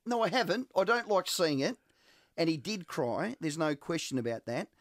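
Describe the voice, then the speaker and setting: A man with an Australian accent, co-hosting a sports radio show in lively, teasing banter. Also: a little high, normal speed, no echo, studio quality. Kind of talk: casual radio sports chat.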